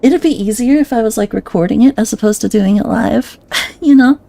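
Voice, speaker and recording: A woman's voice: a little high, fairly quick, vocal fry, mellow. A woman streamer chatting casually on a live stream, giggling often, self-conscious and swearing a lot.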